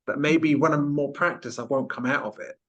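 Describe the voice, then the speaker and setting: A podcast host with a fairly high-pitched male voice speaks fairly quickly, asking long, searching questions in a rambling, self-deprecating manner. It's a casual interview conversation, and the recording sounds muffled.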